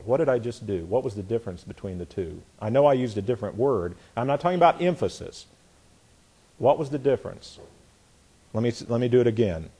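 Folksy husky male Bible teacher. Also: medium pitch, big pitch swings, normal speed, mellow. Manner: folksy, repeats phrases, demonstrates by reading aloud. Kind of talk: sermon teaching.

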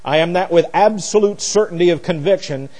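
A man's voice: high voice, brisk, a little mellow. A man teaching scripture verse by verse in an emphatic, repetitive way, often restarting his words as he presses a point. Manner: emphatic, repeats words, self-corrects. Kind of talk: expository Bible teaching. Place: classroom or church with a board. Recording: long hall reverb.

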